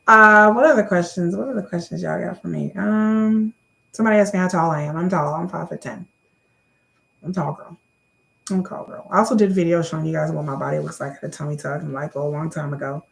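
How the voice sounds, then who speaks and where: A woman's voice: lowish voice, fast talker, creaky, a bit bright. A woman in her thirties doing a casual question-and-answer vlog to camera, chatty, often repeating words and calling viewers y'all.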